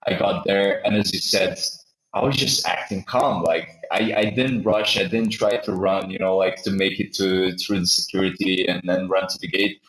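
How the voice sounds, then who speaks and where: Deep-voiced man telling a rambling story. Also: fairly even intonation, moderate pace, fairly bright tone, roomy sound, rough recording. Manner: rambling, many restarts and repeated words. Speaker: podcast host. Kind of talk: casual storytelling conversation.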